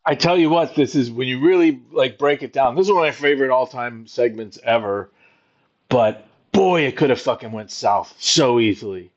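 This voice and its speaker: A man's voice: medium pitch, moderate pace. A man who used to write wrestling shows, chatting casually in a laid-back way, swearing and laughing easily. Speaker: former wrestling writer, co-host. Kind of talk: casual chat. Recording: dull lo-fi sound.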